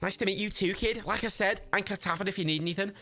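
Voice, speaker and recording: Man putting on a high Scouse scrapper. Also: quick pace, bright, forceful tone. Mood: chummy. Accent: Liverpool. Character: scrappy middle-aged male Scouse scavenger.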